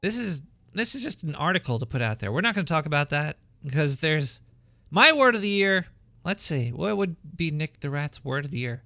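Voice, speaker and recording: A man voicing a paranoid cartoon rat host with a shrill voice and a Brooklyn accent, rambling conspiratorially with many stumbling restarts. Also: big pitch swings, brisk, bright, forceful tone, no room sound, exaggerated voice. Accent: Brooklyn New York. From Brooklyn, New York. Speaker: podcast host. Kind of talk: rambling comedic monologue. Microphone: home setup.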